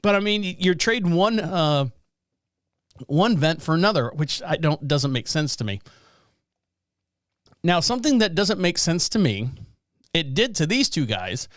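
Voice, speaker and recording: A man's voice: fairly high pitch, sing-song, a little slow, pauses often, dry recording, studio quality. A man hosting a podcast, riffing sarcastically and rambling over news stories. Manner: sarcastic, rambling, laughs at own jokes. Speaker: podcast host. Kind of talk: casual news commentary.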